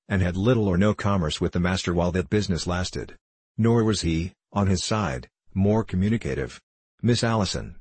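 A man narrating a classic novel in a measured, storytelling way. His voice is very deep and husky, and the recording is close and dry. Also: a little mellow, no echo. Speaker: audiobook reader.

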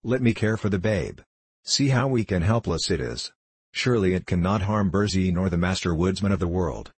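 A man reading the part of a young female forest nymph in a spoken storybook, gentle but defiant, pleading earnestly. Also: low-pitched, expressive, normal speed, slightly rough, dry recording.

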